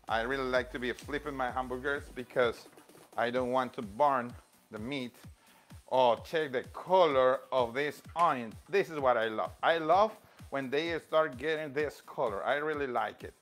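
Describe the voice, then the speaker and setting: A man from Colombia, a music teacher giving a lively live lesson from a home kitchen, coaching young viewers with counts and chants. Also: mid-range voice.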